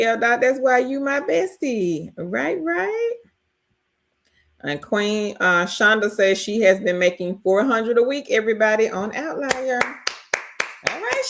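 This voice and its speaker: A woman's voice: medium pitch, a bit bright. A woman hosting a casual livestream, reading viewer comments aloud and cheerfully greeting and congratulating people by name. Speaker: host of a work-from-home livestream.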